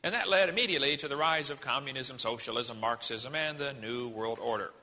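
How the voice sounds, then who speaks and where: A man's voice: medium pitch, a little fast, sharp tone, big-room sound. A man giving a folksy, emphatic sermon-style lecture. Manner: folksy, emphatic, jokey preaching. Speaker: creationist speaker.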